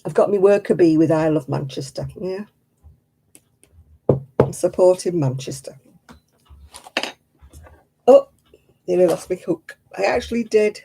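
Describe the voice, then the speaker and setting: A woman's voice: on the low side, expressive, measured pace, creaky, long pauses, warm tone, slightly rough. A woman hosting a crafting live stream, chatting casually with viewers in a self-mocking way and laughing often. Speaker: craft livestream host.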